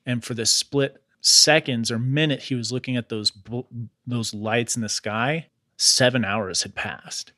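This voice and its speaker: A man with a bright, forceful voice recounts a strange tale in a casual podcast chat. He uses loose slang like "bro" and "dude" and keeps an easy conversational flow. The sound is close and dry. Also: mid-range voice, unhurried, no room sound. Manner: relaxed retelling with slangy asides like "bro" and "dude". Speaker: podcast host.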